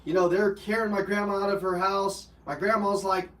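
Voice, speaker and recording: A man's voice: high voice, steady tone, fairly quick, fairly bright tone. A man hosting a live personal development call, telling an emotional personal story bluntly with swearing and fillers. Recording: roomy, from a distance.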